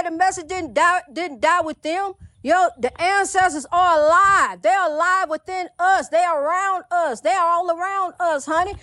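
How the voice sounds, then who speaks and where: Fervent high-voiced woman minister preaching. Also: normal speed, fairly bright tone, no room sound. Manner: fervent, repetitive calls, says "honey". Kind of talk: preaching monologue.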